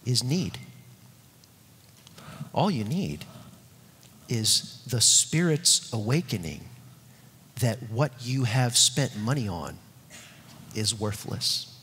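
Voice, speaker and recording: A man preaching a sermon, emphatic and repetitive, dropping to soft low tones when reading scripture. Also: slight background noise. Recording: long hall reverb, husky.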